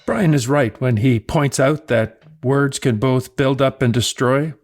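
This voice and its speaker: A man hosting a discussion podcast, asking questions and sharing a memory calmly. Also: medium pitch, measured pace, soft background music. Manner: calm, inviting questions. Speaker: podcast host. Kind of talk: casual discussion.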